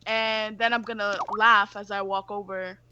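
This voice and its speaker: Female player, bright sharp voice, slangy and joking, dull lo-fi mic. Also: medium pitch, little pitch movement, normal speed, slight background noise. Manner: playful, slangy. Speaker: tabletop player. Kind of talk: casual game play.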